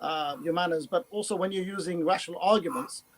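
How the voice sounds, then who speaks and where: A man on a panel earnestly explaining an argument, halting and restarting as he goes. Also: sits high, poor audio. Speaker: panel guest. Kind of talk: explaining an argument in casual chat.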